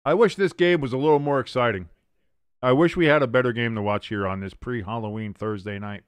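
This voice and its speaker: A man's voice: medium pitch, brisk, clean tone, dry recording. A man hosting a sports watch-along stream, chatting casually between play-by-play calls, rambling with fillers, restarts and casual swearing.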